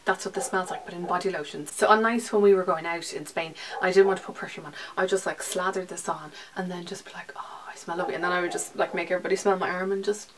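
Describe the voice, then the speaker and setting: A young woman with an Irish accent chatting casually through her monthly beauty favourites, rambling and slipping into breathy whispered asides. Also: lowish voice, steady tone, fast talker, hardly any pauses. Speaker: beauty vlogger. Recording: slightly distant mic with faint hiss.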